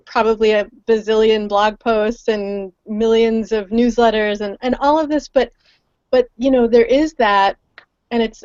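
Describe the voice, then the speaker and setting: Woman guest on a call; rambling, chatty, quick to laugh; dull, dry audio. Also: a little high, a little mellow, clean tone, no echo. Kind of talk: casual chat on a call.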